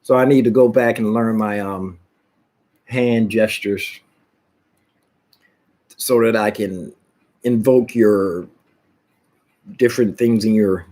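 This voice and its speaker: Rambling low-voiced man vlogging. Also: fairly even intonation, slow, long pauses, mellow. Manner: rambling, jumps between topics, many restarts. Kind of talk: rambling casual vlog.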